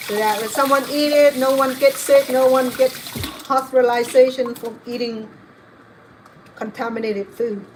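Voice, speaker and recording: A middle-aged woman with a high-pitched, fairly level voice talks at a normal speed while cooking in her home kitchen for her chatty cooking vlog. She rambles easily from one story to the next, and running water and kitchen clatter are clearly audible in the noisy background.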